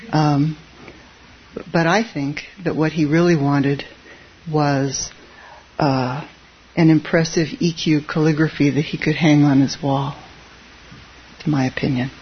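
A Zen teacher speaks at a middling pitch, easygoing and conversational, with occasional chuckles at their own asides. The recording is a little muffled and lo-fi, with a faint hiss underneath. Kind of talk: dharma talk.

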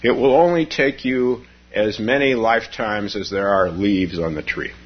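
A man voicing a calm, kindly male Buddha who speaks slowly and gently. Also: fairly low pitch, slight background noise, close to an everyday voice. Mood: serene. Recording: dull lo-fi recording.

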